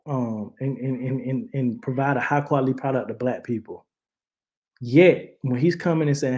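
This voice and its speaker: A man's voice: mid-range voice, normal speed, a little mellow, roomy sound. A man, hosting casual commentary, impassioned and preachy with many restarts. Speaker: channel host reacting to news. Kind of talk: casual commentary, live-stream style.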